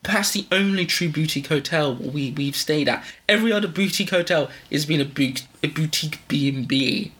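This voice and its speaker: Bright-voiced rambling man podcaster. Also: a little high, a little fast, few pauses. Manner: rambling, self-interrupting, laughing. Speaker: podcast co-host. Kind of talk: casual chat.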